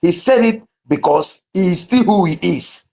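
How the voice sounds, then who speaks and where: A man's voice: sits high, lively intonation, moderate pace, gravelly. A man giving an impassioned, repetitive speech to an online audience, with frequent fillers and restarts. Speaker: speaker on a live audio space. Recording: muffled lo-fi online audio.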